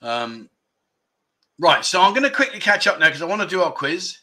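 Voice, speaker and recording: A man from England, hosting a relaxed livestream indoors at home, talks at normal speed in a very animated, high voice with a bright, forceful tone. He rambles, reads viewer comments aloud, and jokes at his own expense.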